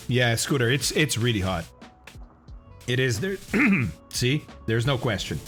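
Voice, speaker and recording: Slow-talking man streaming a flight sim. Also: mid-range voice, a bit bright. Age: adult, has kids. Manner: explains instrument approaches while eating and answering chat; frequent throat clearing. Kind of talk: casual live-stream chat.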